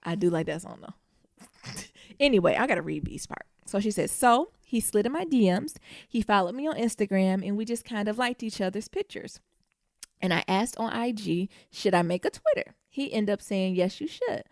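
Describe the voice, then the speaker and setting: A woman co-hosting a podcast in casual chat, animated and quick to laugh and tease. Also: mid-range voice, no room sound, clean studio sound. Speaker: podcast co-host.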